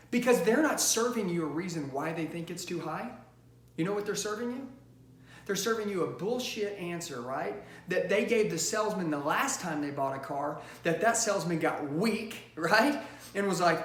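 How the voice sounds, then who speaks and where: A man giving a high-energy, emphatic sales training lesson, coaching listeners directly. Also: lively intonation, normal speed, a bit bright. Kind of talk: motivational sales training talk. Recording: roomy echo.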